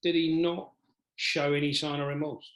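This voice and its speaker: A man's voice: a little high, flat delivery, moderate pace. A man hosting an interview podcast, sympathetic, repeating himself and trailing off as he reacts. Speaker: podcast host. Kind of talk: interview conversation. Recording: roomy echo.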